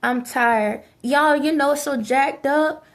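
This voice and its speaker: A high-pitched woman rants straight at her viewers. Her talk is preachy and scolding, hammering points home by repeating them. It is casual, unscripted vlog talk. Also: slow. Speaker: vlogger. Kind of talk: ranting monologue to camera.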